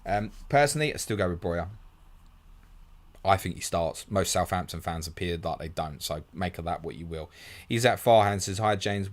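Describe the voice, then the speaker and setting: A man hosting a live fantasy football stream, bluntly answering viewer questions one after another and calling everyone mate. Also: low voice. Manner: blunt, matey, rattles through questions, calls everyone mate.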